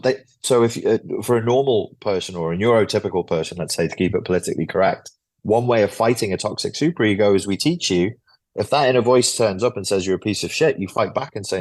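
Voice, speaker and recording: A man's voice: lowish voice, darkish tone. A man, a guest author, explaining a psychology topic in an interview in a blunt, lecture-like way, swearing freely.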